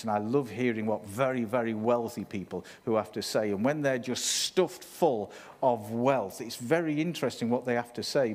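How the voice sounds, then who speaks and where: Here a man of medium pitch gives an animated sermon that feels like conversation, with remarks aimed directly at the congregation.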